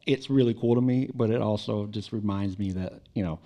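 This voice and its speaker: Man, podcast host, casual profane music talk, warm mellow tone, rambling. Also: lowish voice, brisk, highs cut off. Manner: laid-back, profane, rambling with restarts.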